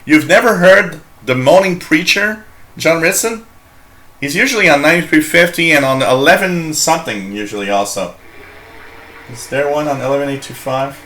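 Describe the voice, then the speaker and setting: A man's voice: a little high, normal speed, pushed and bright. A man from Canada hosting a live shortwave radio show, chatting in a rambling, jokey way, reading out chat messages and laughing often.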